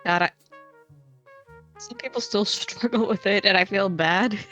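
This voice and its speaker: A woman's voice: mid-range voice, unhurried, a bit bright, faint music behind. Dry, matter-of-fact young woman on stream. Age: young adult. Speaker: stream co-host, working student. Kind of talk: casual live-stream chat.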